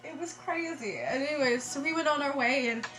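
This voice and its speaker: A woman tells a story to her vlog camera in a casual, excitable way. Her voice sits high, and she breaks into laughter often and restarts her sentences. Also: brisk, soft background music. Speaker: vlogger.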